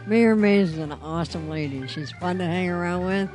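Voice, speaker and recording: A woman's voice: on the low side, normal speed, darkish tone, faint music behind. A woman guest chatting in a bubbly, giggly way at a live event.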